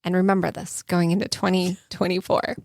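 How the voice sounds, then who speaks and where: A woman co-hosting a podcast in casual chat, playful and quick to laugh. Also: lowish voice, flat delivery, gravelly, darkish tone, dry recording, studio quality. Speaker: podcast co-host.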